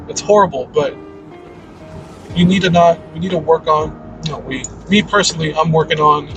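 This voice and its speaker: A man's voice: a little high, rough recording. A man giving a casual, rambling monologue about faith, blunt and full of "like" and "man.". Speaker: channel host.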